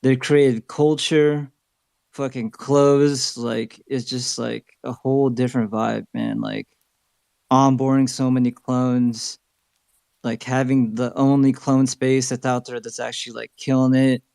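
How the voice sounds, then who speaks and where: A man speaking quickly and emphatically in casual chat, full of slang and swearing. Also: medium pitch, steady tone, gravelly, a little mellow, dry recording, studio quality.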